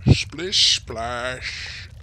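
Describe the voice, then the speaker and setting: A man's voice: mid-range voice, lively intonation, very slow, sharp tone, slight background noise, heavily acted. A man voicing an aged, blind male cloud giant with a shaky voice who rambles fondly and struggles to hear. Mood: rambling. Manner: rambling, doting, hard of hearing.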